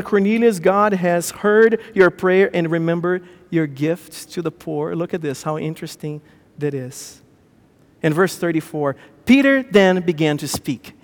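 A man preaching a sermon, animated, swinging between loud bursts and hushed lines. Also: high voice, normal speed. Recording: long hall reverb.

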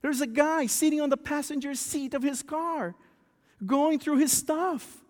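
A male pastor preaching a sermon, telling a story with lively, stammering restarts. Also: extremely high pitch, measured pace. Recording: long church hall reverb.

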